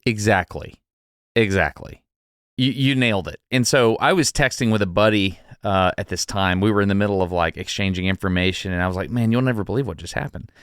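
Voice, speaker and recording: A man co-hosting a podcast, telling an anecdote in a casual, animated way, laughing and restarting as he goes. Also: fairly low pitch, a little fast, clear, resonant tone, dry recording, studio quality. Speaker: podcast co-host. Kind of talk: casual storytelling chat.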